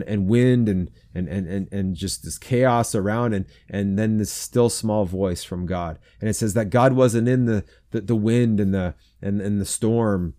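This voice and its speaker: Earnest man praying softly for men. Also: lowish voice. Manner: earnest, repetitive, interceding. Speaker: men's ministry speaker. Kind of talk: devotional talk and prayer.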